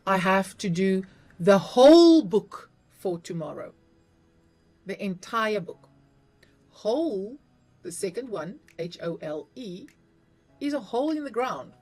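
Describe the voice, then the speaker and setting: A woman's voice: medium pitch, sing-song, measured pace, a little mellow, faint music behind. A middle-aged woman with a South African accent, explaining English spelling to learners patiently and spelling words out letter by letter. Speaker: English teacher.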